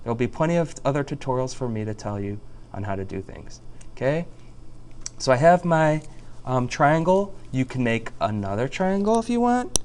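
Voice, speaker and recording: A man teaching a software tutorial over a screen recording, chatty and jokey, talking through each click. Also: mid-range voice, big pitch swings, moderate pace, slight background noise.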